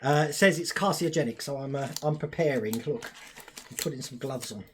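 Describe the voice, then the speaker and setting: A man's voice: medium pitch, brisk, slight background noise. A young man hosting a casual live stream, chatting, laughing often and reading out viewer comments.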